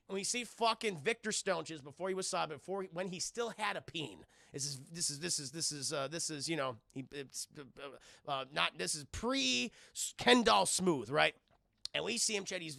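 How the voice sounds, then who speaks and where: A man's voice: on the high side, gravelly, sharp tone, no room sound, clean studio sound. A man streaming a casual film recap, rambling and swearing as he keeps talking to his chat. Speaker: film reviewer streaming live.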